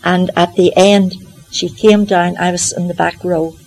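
An older woman sharing a personal testimony in an earnest, gently humorous, reflective way. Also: on the low side, little pitch movement, measured pace, low-quality recording. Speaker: Christian Science practitioner.

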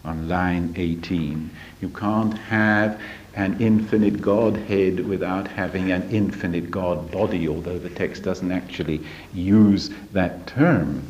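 A man lecturing slowly and deliberately on a spiritual text, pressing his points with rhetorical questions. His voice sits fairly low and unhurried. The recording is dull and lo-fi. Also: steady tone, darkish tone. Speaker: religious study teacher.

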